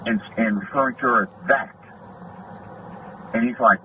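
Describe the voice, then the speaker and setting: A man's voice: medium pitch, normal speed. A man, an off-duty deputy, retelling a dispute in an aggrieved way, recorded in a vehicle. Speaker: off-duty deputy telling a complaint. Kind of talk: recorded personal account. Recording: muffled noisy video audio.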